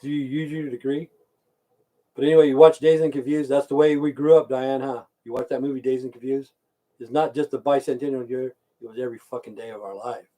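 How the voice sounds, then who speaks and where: An older man from the United States rambling and cursing as he chats with his livestream viewers, swinging between loud bursts and mumbles. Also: medium pitch, steady tone, brisk. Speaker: livestream host chatting with viewers. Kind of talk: rambling casual livestream rant.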